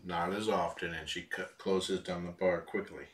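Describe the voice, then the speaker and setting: A man with a low, bright-edged voice chats casually with viewers at home. He sounds relaxed, with dry little asides. The mic sits a little away from him. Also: normal speed, distant mic. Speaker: live stream host. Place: home room with cats.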